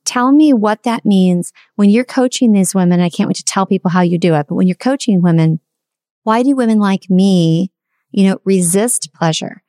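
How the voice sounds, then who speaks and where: A woman's voice: mid-range voice, moderate pace, warm tone, dry recording, studio quality. A woman hosting a podcast interview, asking questions in a conversational, searching way and restarting phrases. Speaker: podcast host.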